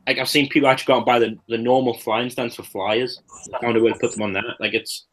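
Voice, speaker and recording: A man co-hosting a casual live chat about miniatures, blunt and quick to rant. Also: mid-range voice, flat delivery, fairly bright tone, poor audio. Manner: ranting, blunt and sweary. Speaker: co-host.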